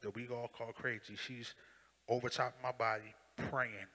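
Bright-voiced man testifying in a hall. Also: mid-range voice, normal speed. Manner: animated storytelling, acts out voices, swings from loud to hushed. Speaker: Christian rapper giving testimony. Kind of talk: spoken testimony on stage. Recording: long hall reverb.

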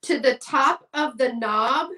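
Slow-talking bright-voiced woman selling live. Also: high-pitched, recorded from a distance. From Texas. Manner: chatty, says y'all, reads bids aloud. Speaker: live sale host. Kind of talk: live selling stream, casual chat.

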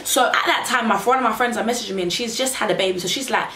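A young woman vlogger casually telling a story, animated and chatty, leaning on "like" and "literally". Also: a little high, very fast, few pauses. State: pregnant. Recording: roomy, distant mic, faint hiss.

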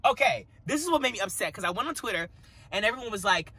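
A man giving a casual music review, excitable and dramatic, gushing with slang as a devoted fan. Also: high-pitched, quick pace, husky, no room sound. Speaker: music reaction vlogger.

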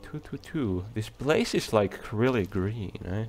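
A man giving relaxed, chatty commentary while playing a game, talking to the creatures on screen. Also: fairly low pitch, a little slow. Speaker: let's play gamer. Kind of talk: casual gameplay commentary. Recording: faint game music behind.

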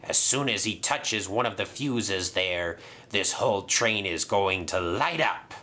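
A man voicing a gruff, scheming male pirate sailor in a low growl. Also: expressive, unhurried, sharp tone. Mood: menacing.

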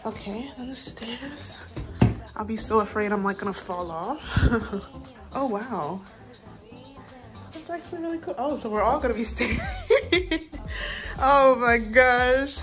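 A woman's voice: fairly high pitch, expressive, measured pace, long pauses, music in the background. A young woman vlogging a trip in a casual, chatty way, slangy and laughing often, at times out of breath. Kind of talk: casual travel vlog.

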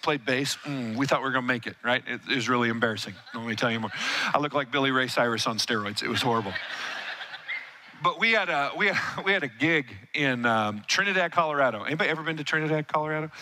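A middle-aged male pastor preaching a sermon in a church, telling stories and calling on the congregation to respond. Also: mid-range voice. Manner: animated, storytelling, calls on the congregation.

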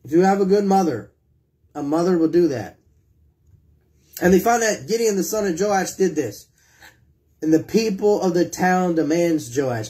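A man's voice: high voice, animated, moderate pace, a little mellow. A man preaching a sermon, reading scripture and asking his listeners questions, and acting out prayers in a pleading voice. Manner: reads scripture and asks the congregation questions.

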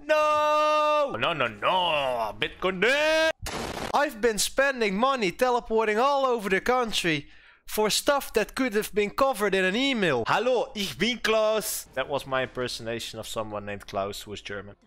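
A man streaming a game, talking in a casual, excitable way, swearing often and yelping at what happens on screen. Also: high-pitched, normal speed. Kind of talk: casual gameplay commentary.

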